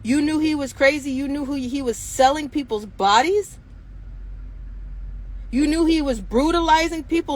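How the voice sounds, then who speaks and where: A woman's voice: high voice, moderate pace. A woman hosting her own show, speaking in an impassioned monologue full of indignant rhetorical questions. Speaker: show host.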